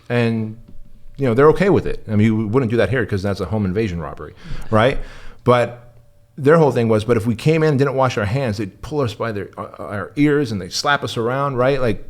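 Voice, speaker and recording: A man from Armenia, the guest in an interview, telling his story bluntly and with profanity. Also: fairly low pitch. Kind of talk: candid interview talk.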